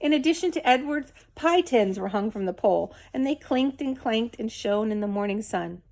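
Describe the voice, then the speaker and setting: A woman reading a children's novel aloud in a measured, expressive storytelling manner. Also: a little high. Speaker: reader.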